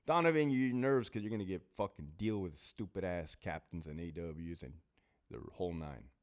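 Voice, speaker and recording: A deep, expressive male voice at normal speed belongs to a former prison officer hosting a casual talk show. He swears freely while telling stories and reading out viewer names in a relaxed monologue.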